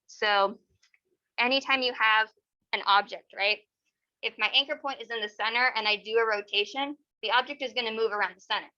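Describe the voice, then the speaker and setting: A young woman leading a casual online software workshop, explaining step by step with many fillers. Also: on the high side, no room sound, highs cut off. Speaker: workshop instructor. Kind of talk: software tutorial over screen share.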